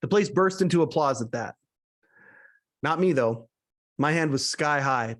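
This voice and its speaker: A man's voice: a little high, lively intonation, a little slow, pauses often, a bit bright. A man hosting a podcast, reading aloud his own written story, often chuckling between sentences and getting emotional. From Canada. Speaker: podcast host.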